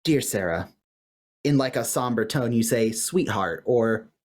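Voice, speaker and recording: A man co-hosting a podcast in casual recap chat, animated and laughing often as he quotes lines. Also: mid-range voice, normal speed. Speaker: podcast co-host. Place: home room with light fan noise.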